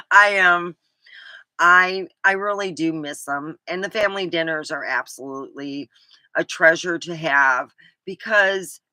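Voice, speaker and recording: Slow-paced and fairly low in pitch, a California woman vlogger with an English-tinged American accent tells rambling casual stories. Her voice is pushed and bright, she laughs and says "um" often, and the recording is dry.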